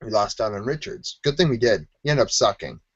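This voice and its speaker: A man's voice: fairly low pitch, fairly quick, slightly rough, no room sound, lo-fi sound. A man from Buffalo co-hosting a sports podcast, telling stories in casual chat and acting out quotes as he goes. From Buffalo, New York. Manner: rambling, animated storytelling with quoted voices.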